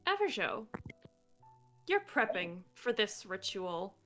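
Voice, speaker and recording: A woman running a tabletop role-play game as game master, with a bright, crisp voice. She narrates slowly and measuredly in descriptive terms. Faint music plays behind her. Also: medium pitch, big pitch swings.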